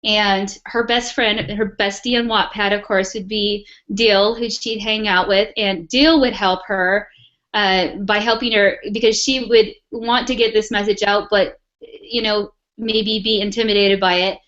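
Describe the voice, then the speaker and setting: A woman's voice: mid-range voice, steady tone, measured pace, fairly bright tone. A woman on a casual panel, chatty, laughing and full of fillers, heard over muffled video call audio.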